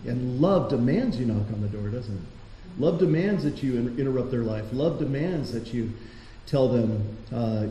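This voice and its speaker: In a church hall, a male pastor preaches in a conversational manner and asks his congregation rhetorical questions. His voice is mid-range and mellow, with lively intonation and a moderate pace. The audio carries a roomy hall echo and a little faint noise.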